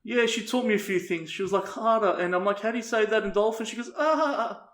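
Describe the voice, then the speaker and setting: Casting: young Aussie podcast co-host, high voice, deadpan crude storyteller, echoey room. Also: male voice, very fast. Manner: tells absurd tall tales with a straight face, swears a lot. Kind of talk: crude comedic banter. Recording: roomy echo.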